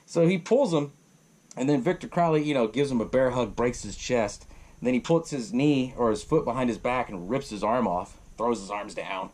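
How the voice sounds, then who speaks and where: A man's voice: mid-range voice, a little fast, a little mellow. Young guy podcaster, cursing a lot, rambling through a movie plot and doing the characters' lines. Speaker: podcast host. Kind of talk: casual movie recap.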